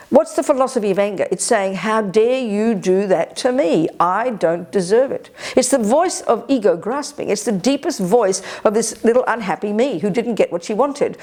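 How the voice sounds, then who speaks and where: An older woman giving a Buddhist teaching at a retreat, animated and emphatic, slipping into other people's voices when she quotes them. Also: on the high side, moderate pace. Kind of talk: Dharma talk at a retreat.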